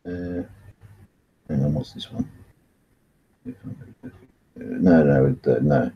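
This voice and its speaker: A man co-hosting a casual talk show, joking and teasing his co-host with a husky voice. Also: a bass voice, slow pace. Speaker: podcast co-host. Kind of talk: casual chat. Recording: dull lo-fi audio.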